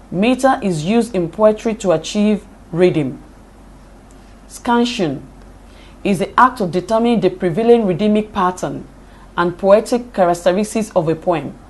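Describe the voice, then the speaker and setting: Woman, slow lecture reading, mid pitch, deliberate, spells out examples. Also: darkish tone. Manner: reads notes aloud deliberately, spelling out examples. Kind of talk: slow read-aloud lecture on poetry.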